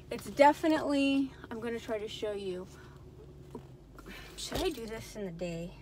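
A woman with a higher voice, accompanied by a little hiss or hum, talks casually in a nighttime haul vlog from a dimly lit room. The frustrated purse reseller speaks to herself and to viewers she calls "y'all" and "you guys."

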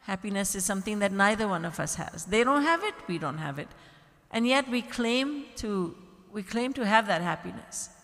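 A woman's voice: medium pitch, expressive, moderate pace, a bit bright. A woman spiritual teacher giving a discourse, telling stories with acted-out quotes and emphatic repetition. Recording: long hall reverb.

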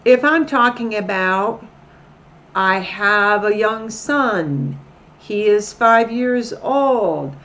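Slow, patient woman teaching a lesson. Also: medium pitch, animated, a bit bright. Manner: patient, repeats example phrases slowly. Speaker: Spanish teacher. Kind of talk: recorded grammar lesson.

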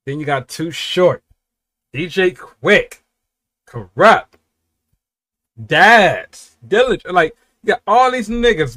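A man hosting a music reaction, talking casually and excitably, swearing often and swinging from low muttering to loud outbursts.

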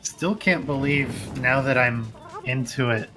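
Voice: mid-range voice, slow. A streamer chatting casually and joking while playing a game, laughing often. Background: game music.

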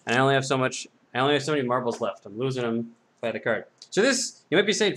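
Male host, casual sales patter, mid-pitched voice, drifts into goofy self-deprecating asides. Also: big pitch swings, quick pace, a bit bright. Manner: rambling, self-mocking jokes. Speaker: host of a card-break sales video.

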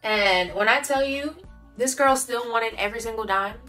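A woman's voice: on the high side, moderate pace, faint music behind. A young adult woman telling a casual storytime, emphatic and slangy as she vents. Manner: animated, emphatic, slangy venting. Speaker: vlogger.

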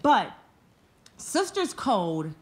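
A woman's voice: mid-range voice, very animated, extremely slow. A woman in her forties telling a personal story on stage at a live storytelling event, earnest and emotional. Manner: earnest, emotional, speaks from the heart.

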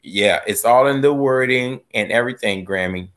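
A man hosting a gardening live stream, chatting casually as he reads viewer comments, joking and laughing, his voice swooping from low mutters up to high squeals. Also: moderate pace, fairly bright tone. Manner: playful, laughs often. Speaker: gardening livestream host.

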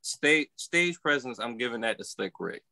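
A man's voice: medium pitch, expressive, moderate pace, vocal fry, sharp tone, no room sound. A man co-hosting a podcast, talking casually. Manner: hesitant, hedging. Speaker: podcast co-host. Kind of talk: casual debate chat.

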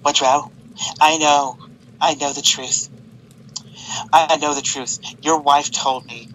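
A man's voice: on the high side, fairly even intonation, slow pace, fairly bright tone, a little hiss or hum, poor audio. A man voicing a betrayed lover who confronts a liar in an accusing, repetitive and threatening way.

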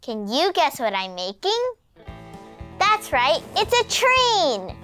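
A performer voicing a cheerful young girl puppet who hosts a children's church show, speaking in a bubbly, slow, exaggerated way for small children. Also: high-pitched, wildly swooping pitch, bright, forceful tone, faint music behind, full character voice.

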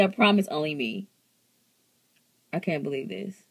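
A young woman films a casual pet vlog and talks at an unhurried pace. Her pitch swings widely as she squeals in disgust. Between the squeals she murmurs gently to her lizard. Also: wildly swooping pitch. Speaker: vlogger.

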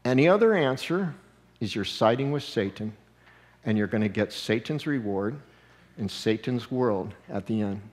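A man preaching a sermon as pastor, animated and conversational, often slipping into quoted voices and chuckling. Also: mid-range voice, moderate pace, long reverb tail. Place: church sanctuary.

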